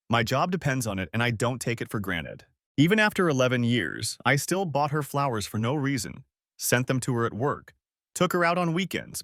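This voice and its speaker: Man narrating a story with lively intonation. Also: medium pitch, no room sound, studio quality. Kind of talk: first-person audiobook narration.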